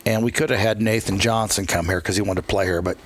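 Rambling older man with a lowish voice. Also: fairly even intonation, fast, slight background noise. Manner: rambling, blunt, swears freely. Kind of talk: casual storytelling chat.

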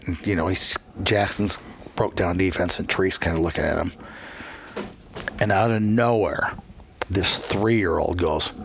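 Rambling older man with a lowish voice. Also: a bit bright, husky. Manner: rambling, blunt, swears freely. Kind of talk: casual storytelling chat.

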